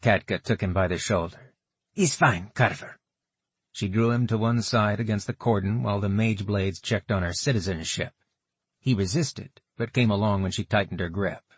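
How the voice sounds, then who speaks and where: A man reading a fantasy novel aloud as narrator, steady and measured. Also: on the low side, husky, dry recording. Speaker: audiobook narrator.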